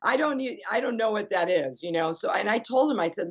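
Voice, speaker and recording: Gravelly, raspy-voiced woman musician. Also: mid-range voice, lively intonation, fairly quick, few pauses, dull audio. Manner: chatty and rambling, with many fillers and self-corrections. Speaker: guitarist and stage musician. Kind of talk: casual interview chat.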